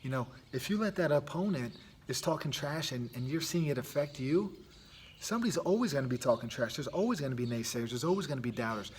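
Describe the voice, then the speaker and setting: A man's voice: mid-range voice, expressive, quick pace, a little mellow, a little hiss or hum. Earnest man musing about hardship. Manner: earnest, restarts often, tag questions like "right?". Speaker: podcast host, youth sports coach. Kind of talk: casual monologue.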